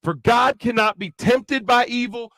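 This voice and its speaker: A man's voice: very high-pitched, unhurried, no echo, poor audio. A man with a Kentucky accent giving a chatty, joking sermon to a youth rally. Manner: chatty, joking, animated preaching. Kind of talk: conversational sermon with comic asides.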